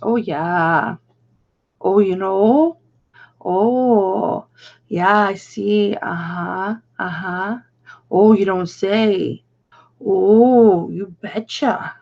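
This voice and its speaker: A woman putting on the voice of a cheerful, folksy relative from the Upper Peninsula, with drawn-out interjections. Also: medium pitch, creaky, lo-fi sound, full character voice.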